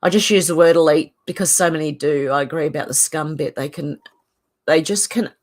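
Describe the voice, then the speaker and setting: A middle-aged Australian woman hosting a casual livestream, reading viewer comments aloud in a chatty, opinionated way. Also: low voice. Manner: chatty and opinionated, laughs often. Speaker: channel host.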